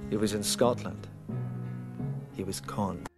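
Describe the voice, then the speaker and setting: A man's voice: lowish voice, steady tone, takes it slowly. An actor playing a wry adult artist giving a dry voiceover about his family, heard from a film clip with music behind.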